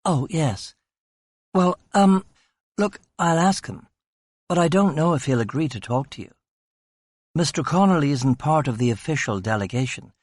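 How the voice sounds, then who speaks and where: A hesitant young woman working a front desk, stumbling over her words as she stalls unwanted visitors, voiced by a man reading an audiobook. Her voice sits noticeably higher, recorded close and dry. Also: lively intonation, normal speed, long pauses, no room sound. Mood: flustered. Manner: hesitant, stammering. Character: flustered young female receptionist. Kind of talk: audiobook character voice.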